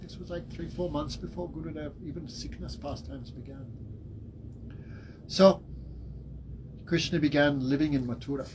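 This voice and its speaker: Man, spiritual teacher, devotional class storytelling, somewhat high voice. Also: normal speed, pauses often, a little hiss or hum, low-quality recording. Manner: animated storytelling with laughs and acted quotes.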